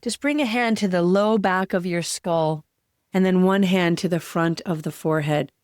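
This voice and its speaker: A woman hosting a solo podcast, talking in a heartfelt, earnest way and slowing down on emotional words. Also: fairly low pitch, a little mellow, clear, resonant tone, no room sound, studio quality. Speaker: podcast host.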